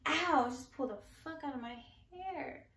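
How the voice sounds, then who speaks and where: A woman's voice: high voice, normal speed, a bit bright. A young pregnant woman vlogger talking casually and rambling, a bit out of breath and laughing often. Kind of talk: casual chat.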